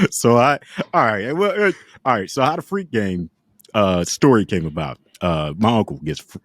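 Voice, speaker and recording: Animated man telling stories, very lively pitch. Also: moderate pace, long pauses, no room sound, studio quality. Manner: animated, laughs often, acts out voices in stories. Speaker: podcast co-host. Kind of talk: casual storytelling.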